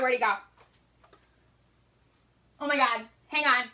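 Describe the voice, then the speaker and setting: A woman's voice: high voice, steady tone, takes it slowly, long pauses, sharp tone. A young woman chatting through a live makeup tutorial, jittery and panicky, laughing between lines. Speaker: makeup vlogger.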